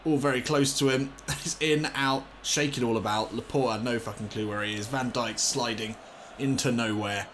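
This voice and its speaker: A man commentating on his own football video game session, excitable and swearing, shouting when things go wrong. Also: medium pitch, normal speed, slight background noise. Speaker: gaming commentator.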